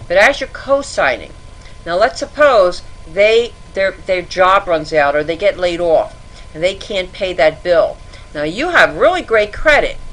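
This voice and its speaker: A woman's voice: mid-range voice, a bit bright, rough recording. A middle-aged woman talks through credit troubles on a podcast as a guest. Her delivery is earnest and cautionary, with warnings driven home and examples spelled out step by step. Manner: earnest, cautionary advice-giving. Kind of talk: podcast interview.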